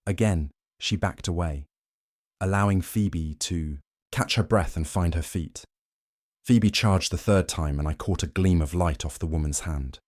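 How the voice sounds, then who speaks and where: A man narrating a werewolf romance novel, telling it in the first person in a steady, even way. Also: sits low, a little slow, no echo, clean studio sound. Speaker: audiobook narrator.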